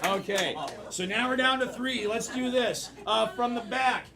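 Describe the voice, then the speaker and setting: A man's voice: very high-pitched, unhurried, gravelly, over a noisy crowd, very noisy. A man hosting an improv comedy game on stage, announcing rules with playful emphasis. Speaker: improv show host. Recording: distant mic, loud audience.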